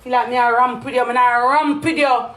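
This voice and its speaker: A high-pitched Jamaican woman on a live stream, hammering the same accusations over and over and breaking into loud shouts. Her voice rings around an echoey room. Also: fairly even intonation, fairly quick. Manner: accusing, repetitive, loud outbursts. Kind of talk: heated live-stream rant.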